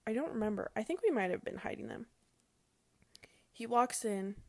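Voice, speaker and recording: A woman's voice: on the high side, animated, moderate pace, dry recording. A young adult woman casually telling a personal story to her viewers, chatty and emotional, with lots of "like". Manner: chatty and emotional, says "like" often. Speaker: vlogger.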